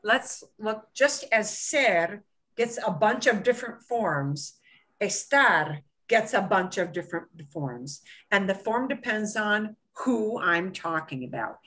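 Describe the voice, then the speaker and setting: A woman teaching a beginner Spanish lesson, slowing down to stress words and checking in with "okay?" often. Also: medium pitch, animated, fairly bright tone.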